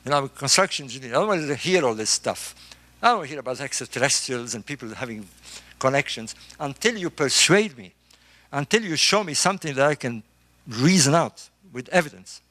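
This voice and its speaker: A middle-aged man, a construction engineer, giving an emphatic, animated talk to a group in a room. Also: mid-range voice, fairly quick, dry recording. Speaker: speaker on ancient engineering. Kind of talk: lecture-style talk to a live group.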